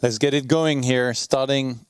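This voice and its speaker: A man's voice: medium pitch, steady tone, unhurried, slight background noise. A man doing live esports play-by-play with dry, joking asides. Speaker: esports caster. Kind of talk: live game commentary.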